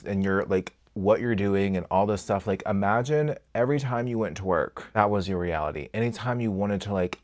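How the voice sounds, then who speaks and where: Casual beauty vlogger, male, lowish register, unfiltered and expressive, loud bursts then muttered asides. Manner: candid and expressive, swears freely, swings between loud outbursts and quiet asides. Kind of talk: casual get-ready-with-me chat.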